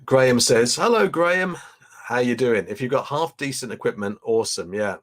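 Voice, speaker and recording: A man's voice: medium pitch, brisk. Chatty man hosting a livestream. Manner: chatty, rambling, reads viewer comments aloud. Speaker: livestream host. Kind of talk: casual live unboxing chat.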